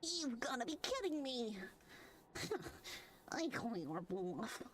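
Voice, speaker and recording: A woman voicing a nerdy young man in a game, reading his lines in a squeaky, yelping voice. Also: sing-song, slow pace, slight background noise. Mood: shocked.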